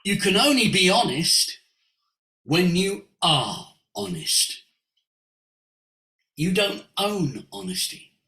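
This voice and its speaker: An older man, a voice coach, tells stories in an expressive way, moving between hushed asides and sudden exclamations. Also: high voice, takes it slowly, long pauses. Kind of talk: animated storytelling. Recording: roomy echo.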